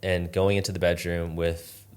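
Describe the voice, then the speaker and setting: A man's voice: low voice, little pitch movement, normal speed, darkish tone, smooth. A man as a podcast guest, earnestly telling a personal story in a reflective, casual way, with lots of "like". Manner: earnest, reflective, uses "like" often.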